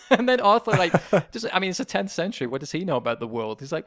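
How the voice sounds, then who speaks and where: A man's voice: a little high, fairly quick, vocal fry, a bit bright. An English man co-hosting a podcast, chatting enthusiastically about a favorite comedy film and laughing often as he recalls the jokes. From England. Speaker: podcast co-host. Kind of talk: casual film discussion.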